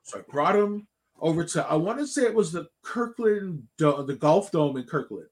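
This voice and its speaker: A man in his thirties chats in a casual podcast, his voice sitting a little higher than most men's. He rambles through a long personal story in an animated way, restarting his sentences and swearing freely. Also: moderate pace. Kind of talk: casual chat.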